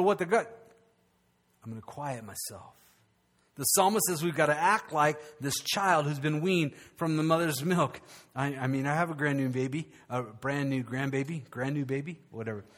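Preaching from the pulpit, this older pastor's voice sits high. His sermon alternates between animated, loud bursts and quiet, hushed stretches.

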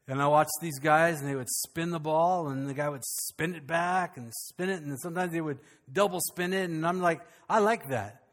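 A man preaching a sermon as pastor, animated and calling out questions to his congregation. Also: on the high side, moderate pace, few pauses, long reverb tail.

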